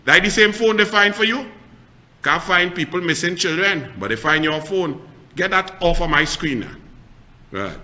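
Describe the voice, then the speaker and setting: A middle-aged Trinidadian man hosts a political commentary show, his voice pitched unusually high. His tone is sharp and bright as he scolds and mocks in a heated rant. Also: very animated, normal speed.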